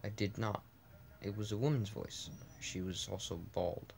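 Lowish man stumbling through a game text. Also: fairly even intonation, moderate pace, vocal fry, slight background noise. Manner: stumbling reading with restarts and asides. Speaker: let's play gamer reading aloud. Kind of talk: casual reading of a text game.

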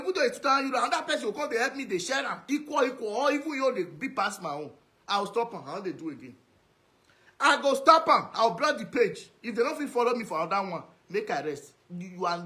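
A man with a Nigerian Pidgin accent, working as a social media commentator, rants in a video message, scolding and insulting someone again and again. His voice is extremely high-pitched, pushed and bright.

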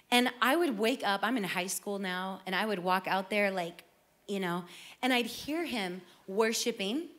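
A woman's voice: medium pitch, fairly bright tone. A middle-aged woman giving an earnest, emotional personal testimony as a worship singer. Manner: earnest storytelling, emotional, with repeated phrases.

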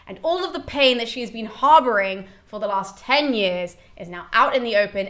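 A woman presenter summarising a classical tragedy in a casual, irreverent way. Her voice sits fairly high, and she talks animatedly, swearing and laughing as she goes. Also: bright, forceful tone. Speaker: YouTube presenter.

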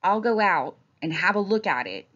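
A woman's voice: medium pitch, expressive, moderate pace, fairly bright tone, muffled recording. A woman voicing Miranda, a bold and pushy new girl cub, in a daring manner.

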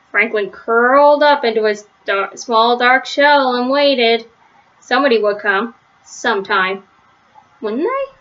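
A woman reading a children's story aloud, gentle, with small slips and restarts, on a slightly lo-fi recording. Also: a little high. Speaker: storybook reader.

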